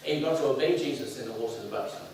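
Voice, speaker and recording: A middle-aged man from the north of England with a Northern English accent, preaching an animated, playful sermon to a congregation. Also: medium pitch, very fast, slight background noise. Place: church hall. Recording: very echoey hall, picked up from a distance.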